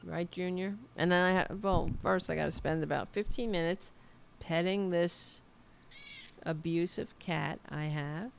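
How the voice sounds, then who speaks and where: A woman's voice: lowish voice, measured pace, creaky, slight background noise. A woman hosting a casual livestream show at home, sardonic, profane and rambling. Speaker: show host.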